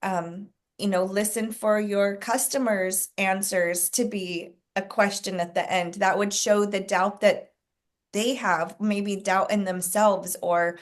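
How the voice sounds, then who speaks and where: A woman leading a team video call, giving casual coaching in an encouraging way, with frequent fillers and throat-clearing. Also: medium pitch, fairly even intonation, takes it slowly.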